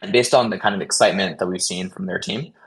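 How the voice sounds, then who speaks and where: A man giving a casual update on a community voice call, talking quickly with lots of fillers and restarts. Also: deep voice, fairly bright tone, poor audio. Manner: hesitant, many fillers and restarts; fast, caffeinated talk. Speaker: protocol contributor hosting a community call.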